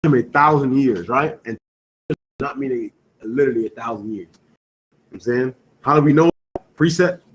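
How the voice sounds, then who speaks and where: Speaking at a moderate pace with frequent pauses, a man with a mid-range voice runs a scripture class, recorded in low quality. He bounces repeated questions back to his students and leans hard on key words in a call-and-response pattern. His speech is emphatic and sprinkled with "you know what I'm saying."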